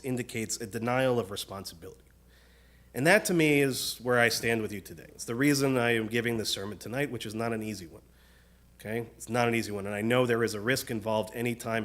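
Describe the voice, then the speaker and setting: A rabbi delivering an earnest, measured sermon in a synagogue, often turning questions to the congregation. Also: male voice, medium pitch, fairly bright tone. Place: synagogue sanctuary.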